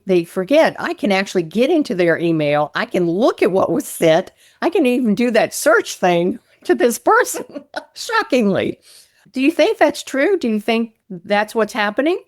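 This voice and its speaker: A woman hosting an interview, asking questions in an expressive, casual way, often with a laugh. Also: medium pitch, no echo, studio quality. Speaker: podcast host.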